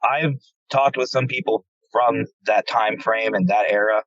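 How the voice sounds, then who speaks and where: Speaking unhurriedly in a fairly low voice, a paranormal investigator from central Pennsylvania recounts stories during a casual interview. He performs the quoted lines with lively flair and often doubles up on words. The dull, lo-fi recording is completely dry, with no room sound.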